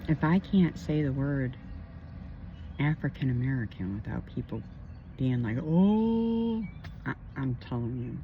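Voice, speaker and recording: Woman counselor, slow rambling vlogger, emphatic, dull lo-fi outdoor sound with faint noise. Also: extremely low pitch. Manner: emphatic, rambling, indignant asides. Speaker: spiritual counselor. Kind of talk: rambling personal vlog. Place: outdoors by a pond.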